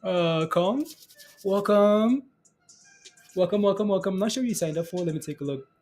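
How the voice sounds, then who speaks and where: A man's voice: high voice, moderate pace, darkish tone. Chatty man hosting a stock stream. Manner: chatty, laughs often, repeats phrases. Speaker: stock trading livestream host. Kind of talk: casual live-stream chat reading viewer comments.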